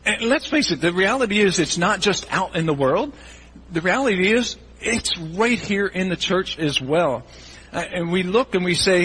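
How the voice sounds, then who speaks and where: A male pastor giving a sermon in a church, animated and acting out the voices of churchgoers in quick asides. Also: sits high, slightly rough, low-quality recording.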